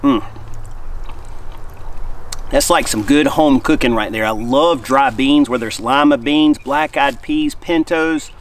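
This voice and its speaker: A middle-aged man, hosting an outdoor camp cooking vlog in the woods, folksy and relaxed, talking while he eats. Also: medium pitch. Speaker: host of a camp cooking show.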